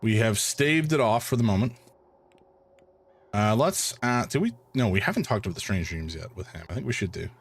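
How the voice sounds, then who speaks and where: A man's voice: on the low side, expressive, brisk, slightly rough. A man, streaming a game and thinking aloud in rambling commentary. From Canada. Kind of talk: let's play commentary.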